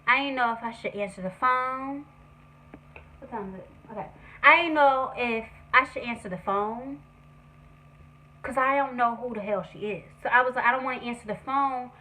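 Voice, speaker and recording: Bright-voiced young woman telling a story. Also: a little high, moderate pace, long pauses, rough recording. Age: young adult. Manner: animated, profane, conversational. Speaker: vlogger. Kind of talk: story time vlog.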